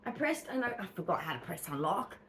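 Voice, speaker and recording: A woman's voice: lowish voice, fast talker, a little hiss or hum. A woman with an Australian accent chatting casually on a vlog, telling stories with animation and acting out other people's lines. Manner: animated storyteller, acts out what others said. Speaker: vlog co-host. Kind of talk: casual chat.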